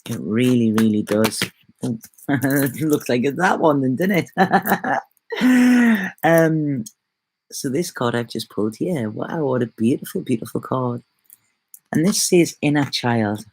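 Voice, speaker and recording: A woman reading tarot cards for her vlog, talking in a soft, gentle, rambling way that often turns emotional. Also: a bass voice, slightly rough, no echo. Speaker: tarot reader. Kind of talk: casual spiritual vlog chat. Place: at home in bed.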